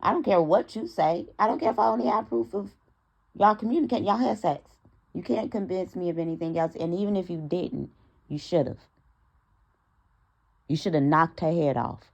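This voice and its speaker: Low gravelly woman telling a story. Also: moderate pace, lo-fi sound. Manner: animated, talks straight to her audience, acts out quoted dialogue. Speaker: storytime vlogger. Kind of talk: casual storytime to viewers.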